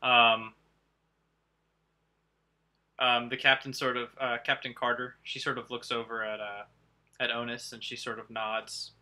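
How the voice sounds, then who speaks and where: Bright-voiced man running a tabletop game. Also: mid-range voice, little pitch movement, unhurried, long pauses. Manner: hesitant, many fillers. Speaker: game master. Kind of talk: narrating a tabletop game online.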